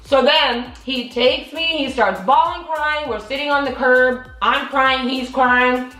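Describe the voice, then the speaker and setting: A woman's voice: sits high, unhurried. A young woman co-hosting a casual chat, telling a personal story animatedly and acting out the voices of the people in it. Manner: animated, acts out quoted voices. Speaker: co-host. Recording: roomy echo with faint music.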